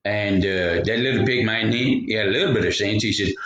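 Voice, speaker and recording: A man's voice: on the low side, brisk, few pauses, fairly bright tone, lo-fi sound. A man telling a folksy story, rambling into jokey asides. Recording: roomy echo.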